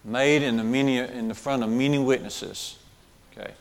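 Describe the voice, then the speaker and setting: Speaking in a large hall, this male preacher keeps a steady tone, medium pitch, and moderate pace through his sermon. Key phrases get repeated for emphasis, and he checks in with the congregation through questions and a frequent "okay."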